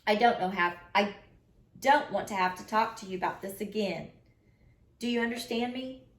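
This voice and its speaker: A woman's voice: mid-range voice, normal speed, natural voice. A woman reading aloud, voicing a tired middle-aged father who lectures his son seriously. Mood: stern. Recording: roomy echo.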